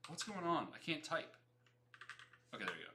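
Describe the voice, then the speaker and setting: A young man hosting a casual livestream, talking fast, repeating himself and greeting viewers by name as he chats. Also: a little high, very animated, noisy background. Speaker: livestream host.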